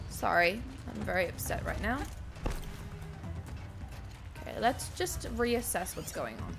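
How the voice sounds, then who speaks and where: A woman streamer giving casual gameplay commentary, excitable and foul-mouthed, yelling at enemies on screen. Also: mid-range voice, unhurried, gravelly, long pauses. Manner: excitable, swears a lot, yells at enemies. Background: game music.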